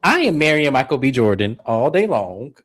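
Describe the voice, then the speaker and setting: A low-voiced woman hosts a relaxed live-stream chat with friends. Her talk is chatty and unhurried, and she steers the conversation by calling on each person in turn. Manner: laid-back, chatty, says "um" often. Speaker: host. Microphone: remote call setup.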